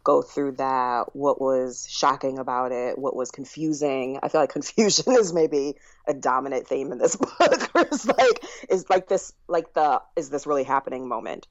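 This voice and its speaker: Low-voiced woman on a dull, dry line. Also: no echo. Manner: thoughtful, candid, quick to laugh. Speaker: author and guest. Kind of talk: casual interview chat.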